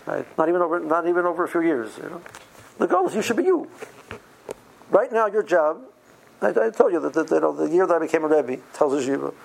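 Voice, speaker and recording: A man teaching yeshiva students in an informal, animated Torah lecture, often stumbling and restarting his words. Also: on the high side, a little fast, creaky, a little hiss or hum, low-quality recording. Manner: animated, stammering restarts, uses Yiddish and Hebrew study terms.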